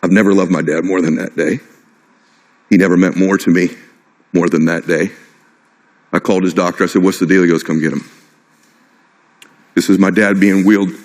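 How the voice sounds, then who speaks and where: A middle-aged man giving a motivational stage talk, impassioned and personal, driving his point home with short repeated phrases. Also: sits low. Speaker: motivational speaker. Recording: long hall reverb.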